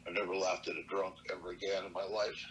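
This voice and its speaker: A man's voice: low-pitched, flat delivery, fast, a bit bright, slight background noise, low-quality recording. An older man from Montana telling a personal story from his youth, plainspoken and earnest, with salty language. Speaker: elder storyteller. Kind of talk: personal oral-history storytelling.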